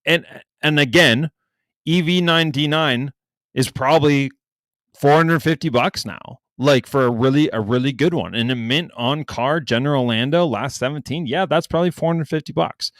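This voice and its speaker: A man's voice: fairly high pitch, moderate pace, no room sound. A young adult man, a podcast co-host, telling a story in casual chat, swearing freely and acting out what others said in a raised voice. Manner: animated, profane, acts out quotes in a raised voice.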